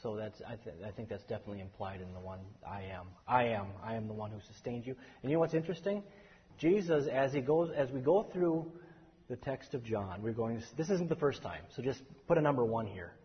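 A man teaching a Bible study class, lively and explaining, calling on the group for answers. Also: medium pitch, brisk, slightly rough. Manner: animated, takes questions from the class. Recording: echoey hall, dull lo-fi sound.

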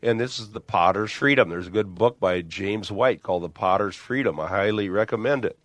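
A man's voice: on the low side, brisk, a bit bright, dry recording. An older man teaching on the Bible in a discussion, building his points emphatically with illustrations. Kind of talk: theological discussion.

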